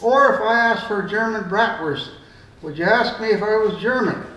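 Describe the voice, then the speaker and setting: A man's voice: sits high, moderate pace, sharp tone, voice pushed up. An older man voicing an indignant, argumentative Irishman at a store counter in a told joke. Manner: indignant, insistent, rising. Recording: roomy room, mic far off.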